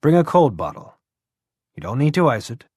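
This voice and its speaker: A man's voice: mid-range voice, sing-song, normal speed, darkish tone, husky, dry recording, clean studio sound. A man voicing a brusque older army colonel who talks in clipped, blunt commands with a dusty, throaty voice.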